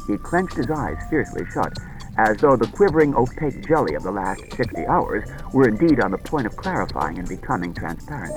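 A man narrating an audiobook in a dramatic, expressive reading style. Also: fairly low pitch, fairly quick, soft background music.

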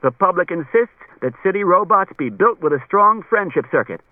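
A man's voice: sits high, expressive, moderate pace, no echo, voice pushed up. A man voicing an exasperated middle-aged police commissioner, raising his voice above his narration on a tinny cassette recording. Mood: pleading. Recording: tinny narrow-band cassette tape.

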